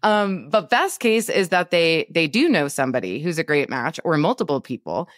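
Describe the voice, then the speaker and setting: A woman co-hosting a podcast, giving animated business coaching in a casual chat over a remote call, laughing often. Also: low voice, moderate pace, no echo, studio quality. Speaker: podcast co-host.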